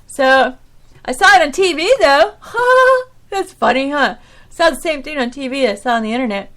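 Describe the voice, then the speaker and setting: A middle-aged woman hosting a podcast, talking in a rambling, emotional monologue that turns preachy as she rants, with frequent laughs. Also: high voice. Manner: animated, preachy ranting. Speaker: podcast host. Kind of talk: casual monologue.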